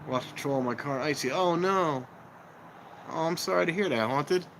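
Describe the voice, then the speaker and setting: A man's voice: on the high side, moderate pace, noisy background. A man in a casual live-stream chat, rambling to his viewers as he wanders around outdoors near a train station. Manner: rambling, talks to viewers while walking about. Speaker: vlogger.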